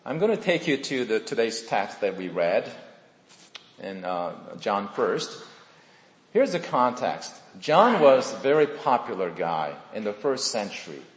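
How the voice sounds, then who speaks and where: A man's voice: lowish voice, big pitch swings, unhurried. A middle-aged man with a Korean accent, preaching a sermon as pastor in a friendly, chatty way with self-deprecating asides. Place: church sanctuary. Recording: echoey hall with long reverb.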